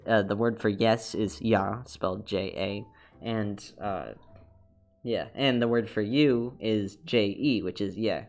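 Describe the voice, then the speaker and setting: A man chatting casually while he draws on a live stream, rambling and upbeat, full of fillers and restarts. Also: lowish voice. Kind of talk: casual chat while drawing. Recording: faint music behind the voice.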